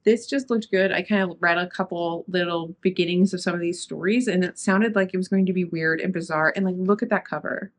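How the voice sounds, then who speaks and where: A woman's voice: on the low side, steady tone, brisk, hardly any pauses, slight background noise. A young woman vlogger chatting casually through her book haul, rambling and trailing off with fillers.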